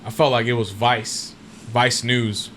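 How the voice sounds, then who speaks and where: A man's voice: mid-range voice, measured pace, a little hiss or hum. Slangy, swearing man telling wild stories. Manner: slangy and profane, acts out quotes in animated voices. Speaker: podcast guest. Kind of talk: casual storytelling chat.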